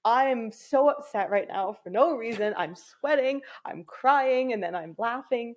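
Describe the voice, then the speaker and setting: A woman's voice: fairly high pitch, animated, a little slow, highs cut off. A young woman from England, a podcast guest in casual chat, talking candidly with frequent swearing and laughter. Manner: candid, profane, laughs often, acts out her own thoughts.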